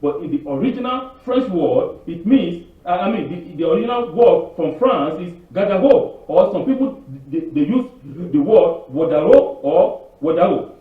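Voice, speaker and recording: Man, informal sermon, high voice, rambling, rhetorical questions, distant tinny echoey recording. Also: lively intonation, a little slow. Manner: rambling, asks rhetorical questions and answers them; acts out quoted voices with big pitch jumps. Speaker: spiritual leader giving a weekly Torah talk. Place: Canada.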